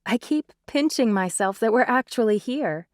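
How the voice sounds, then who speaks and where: A woman reading as a calm young woman recruit, friendly and level, a touch higher than plain narration. close, dry audiobook sound. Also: moderate pace, dry recording, lightly acted.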